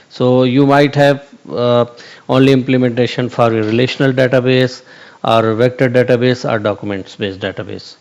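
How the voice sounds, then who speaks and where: Man, tutorial host: halting delivery, frequent fillers, mid pitch. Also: a little mellow, muffled recording. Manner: hesitant, many fillers and restarts, repeats "okay". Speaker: channel host explaining AI concepts. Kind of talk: whiteboard tutorial, unscripted.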